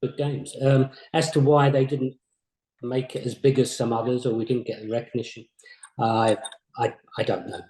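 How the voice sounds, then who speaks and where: An older man, a former games company boss, recalling his career in a modest, halting way, often repeating words. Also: medium pitch, little pitch movement, warm tone. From England. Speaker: former games company CEO, interview guest. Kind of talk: reflective interview chat. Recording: roomy echo.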